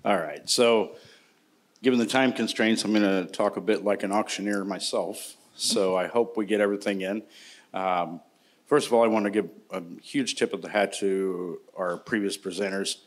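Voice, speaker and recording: Middle-aged man, low-pitched, paramedic on a panel, casual and joking. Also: steady tone, moderate pace. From Indiana, United States. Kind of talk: conference panel talk.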